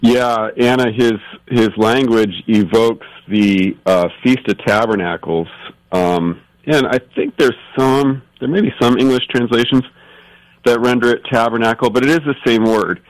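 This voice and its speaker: A man answering as an expert guest, explaining scripture thoughtfully and patiently, often pausing and restarting his sentences. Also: medium pitch, low-quality recording. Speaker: guest scholar.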